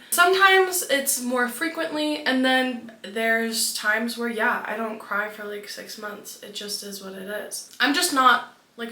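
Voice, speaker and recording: A woman's voice: a little high, bright, forceful tone, reverberant. A young woman travel vlogger talking candidly and chattily, filling her speech with "like", at times tearful. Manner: candid, chatty, lots of "like" fillers. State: tearful, crying. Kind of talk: casual vlog narration.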